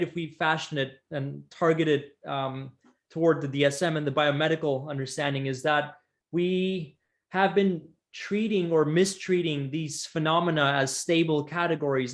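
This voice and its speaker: A psychotherapist taking part in an academic discussion, explaining ideas in halting bursts with many restarts and tag questions. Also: male voice, fairly high pitch. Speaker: psychotherapist guest.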